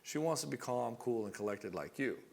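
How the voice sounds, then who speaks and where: A blunt, middle-aged male relationship coach talks straight to the listener in a casual monologue, swearing freely and slipping into the voices of quoted arguments. His pitch sits in the ordinary male middle. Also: expressive, normal speed, vocal fry, darkish tone.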